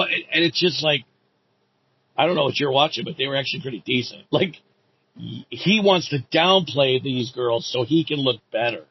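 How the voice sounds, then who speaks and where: A man's voice: mid-range voice, fairly quick, slightly rough. A middle-aged man, a former coach, in an indignant, profane and sarcastic rant about a rival. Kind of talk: ranting monologue. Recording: dull lo-fi recording.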